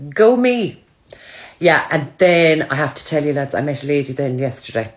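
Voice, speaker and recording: A woman's voice: low-pitched, lively intonation, moderate pace. A woman chatting casually to her followers, telling self-mocking stories. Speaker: social media creator.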